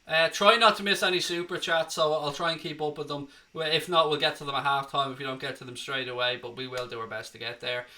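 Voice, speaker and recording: A man's voice: on the high side, flat delivery, fast, hardly any pauses, bright, forceful tone. An Irish man hosting a live football watchalong, chatting cheekily and reading out viewer comments. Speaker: host.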